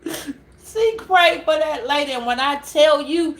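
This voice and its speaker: A woman telling a story casually to camera, animated and laughing, repeating words as she goes. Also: high voice, slow pace, slight background noise. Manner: animated, laughing, repeats words, calls listeners girl and child. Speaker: tarot reader.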